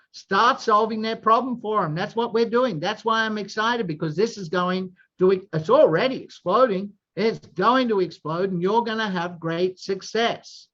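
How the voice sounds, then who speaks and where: A man in his sixties hosting a group video call, giving an energetic sales pitch and often asking "right?". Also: normal speed, few pauses. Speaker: host of a sales presentation call. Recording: dull lo-fi video call audio.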